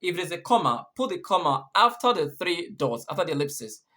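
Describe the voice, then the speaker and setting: A man's voice: on the high side, very animated, brisk, sharp tone. A man teaching English punctuation, patiently repeating and rephrasing each point. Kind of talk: explaining punctuation rules.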